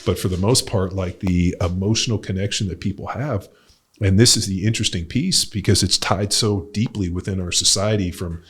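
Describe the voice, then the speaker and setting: A middle-aged man who coaches and hosts a podcast speaks briskly in a low, slightly rough voice with a fairly bright tone. His casual podcast talk drifts around loosely, heavy on fillers and blunt swear words.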